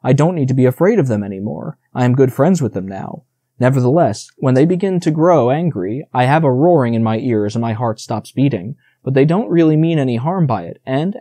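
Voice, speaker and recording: A man's voice: mid-range voice, lively intonation, moderate pace, warm tone, no echo, lightly acted. A man reading the part of a proud young male deer who boasts about his time with people, in an audiobook. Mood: boastful.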